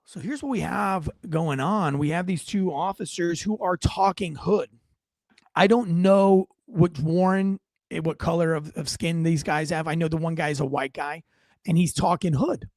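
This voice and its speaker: A man's voice: on the high side, moderate pace, a little mellow, no echo, clean studio sound. A middle-aged man, a former police officer, giving blunt, profane and indignant video commentary.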